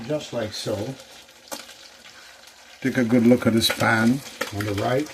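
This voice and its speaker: Man, cooking show host, chatty, mid-pitched voice, kitchen, faint sizzling behind. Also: steady tone, takes it slowly, long pauses, background noise. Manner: chatty, repeats phrases, talks to viewers as folks. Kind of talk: casual cooking demonstration.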